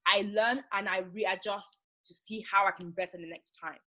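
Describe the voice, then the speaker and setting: A woman's voice: mid-range voice, normal speed. A young woman from Nigeria, a makeup artist, chatting casually as a guest and animatedly telling stories. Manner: animated storyteller, acts out callers. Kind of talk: casual chat, storytelling.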